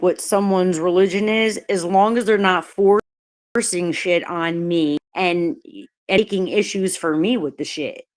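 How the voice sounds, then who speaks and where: Woman streamer, mid-pitched, ranting hot and swearing freely, greets her chat viewers mid-sentence. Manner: heated, profane, blunt. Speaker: livestreamer. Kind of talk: live-stream chat rant.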